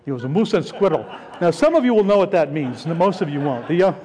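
A man's voice: on the high side, very animated, fast, darkish tone, a faint crowd. A middle-aged male pastor preaching a conversational sermon, often repeating himself and asking the congregation questions. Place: church sanctuary. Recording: long hall reverb.

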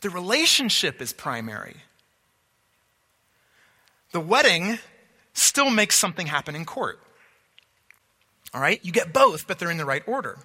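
A man's voice: high voice, sing-song, measured pace, pauses often, pushed and bright, slightly rough. A man preaching a sermon, earnest, repeating words for emphasis and checking that listeners follow. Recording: long reverb of a large hall.

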